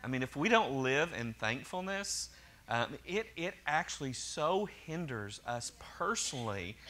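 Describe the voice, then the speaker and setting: Man, middle-aged pastor, sermon, bright clear tone, conversational, joking asides. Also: a little high, big pitch swings, unhurried. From Oklahoma, USA.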